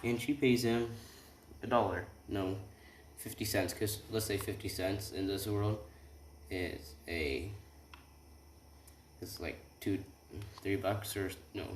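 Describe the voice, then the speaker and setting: A man's voice: sits low, fairly even intonation, unhurried, long pauses, a little hiss or hum. A young man improvising a fan-fiction story, rambling and correcting himself as he goes. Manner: rambling, self-correcting, lots of "he's like". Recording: roomy with keyboard clicks.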